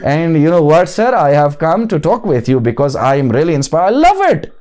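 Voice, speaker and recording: A young man talking fast and with conviction, his voice sitting a little high for a man. He gives earnest advice in a relaxed interview and drops in the odd Hindi phrase. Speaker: guest speaker.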